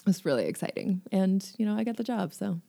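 A woman's voice: medium pitch, very animated, a little fast, gravelly, dark tone. A woman co-hosting a podcast in casual chat, laughing often and mimicking voices. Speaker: podcast co-host.

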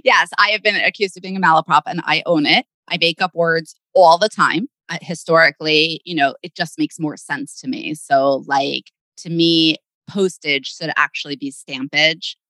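A woman's voice: low voice, fairly even intonation, moderate pace, few pauses, bright, forceful tone, no room sound, low-quality recording. A woman co-hosting a casual podcast, playful and self-deprecating, laughing easily. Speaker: podcast co-host, doctor.

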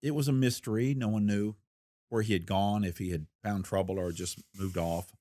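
A retired federal investigator, an older man, recounts a case in a storytelling interview, spinning a folksy true-crime tale at an unhurried pace with a wry laugh. His voice is low, dark, and steady, recorded cleanly in a studio without echo.

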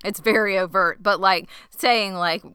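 Bright, smooth-voiced woman co-hosting. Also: medium pitch, fairly even intonation, no echo, studio quality. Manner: chatty, teasing, quick to laugh. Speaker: podcast co-host. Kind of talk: casual chat.

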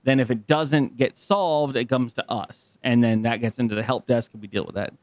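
A man's voice: medium pitch, fairly even intonation, normal speed, darkish tone, dry recording. A young man co-hosting a casual podcast, telling a rambling story and swearing freely. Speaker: podcast co-host. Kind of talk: casual chat.

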